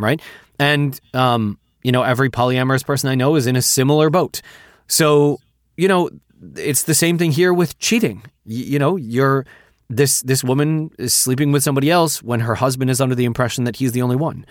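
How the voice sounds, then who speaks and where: A man's voice: medium pitch, brisk, dry recording, studio quality. A man co-hosting a podcast, talking in a casual, blunt, profane way while giving candid advice. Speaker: podcast co-host. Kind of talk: casual chat.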